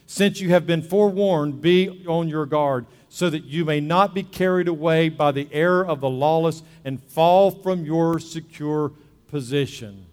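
A man preaching a sermon as a pastor, alternating between loud emphasis and soft, hushed prayerful passages. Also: fairly high pitch, in a large hall. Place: church sanctuary.

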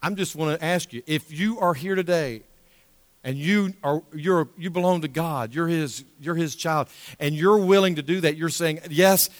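Emphatic pastor preaching, repeating key lines. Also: male voice, a little high, moderate pace, no room sound, long reverb tail. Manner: emphatic preaching, repeats key phrases, drops to hushed prayer. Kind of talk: sermon.

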